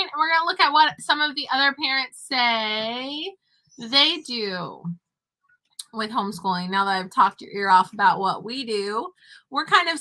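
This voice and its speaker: A woman's voice: fairly high pitch, bright, forceful tone. A young woman, a homeschooling mother, chatting casually to her viewers while her young daughter eats beside her. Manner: chatty, talking with her child between points. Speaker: homeschooling mother and online teacher. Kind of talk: casual talk to camera.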